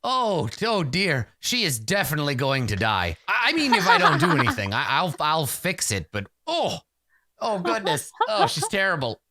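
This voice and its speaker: A man's voice: a little high, wildly swooping pitch, moderate pace, pushed and bright, no room sound, voice pushed up, exaggerated voice. A man voicing a forgetful, crude male sorcerer healer who rambles and stammers. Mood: squeamish. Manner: rambling and squeamish, with many oh's and stammers.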